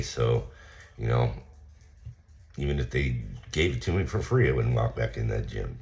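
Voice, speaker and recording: A man's voice: extremely low pitch, animated, a little slow, vocal fry, pauses often. A man telling a story about a run-in, in a casual, aggrieved way. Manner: aggrieved, recounting an incident and acting out both sides. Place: small town.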